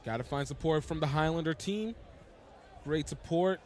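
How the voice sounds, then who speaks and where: A man giving steady live play-by-play commentary on a rugby match outdoors. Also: on the high side, normal speed.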